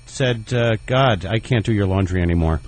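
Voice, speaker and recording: A man's voice: fairly low pitch, normal speed, low-quality recording. A man, a comedian guest, telling a rambling, self-deprecating story on a radio show and laughing at his own jokes. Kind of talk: casual radio interview storytelling.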